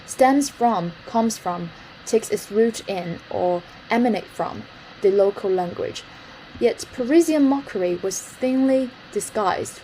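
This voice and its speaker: A woman at an ordinary middle pitch walks through a news article phrase by phrase. Her manner is explanatory and patient, and she moves easily into French. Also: darkish tone, a little hiss or hum, rough recording. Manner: explanatory, switches into French with ease. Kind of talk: casual language lesson.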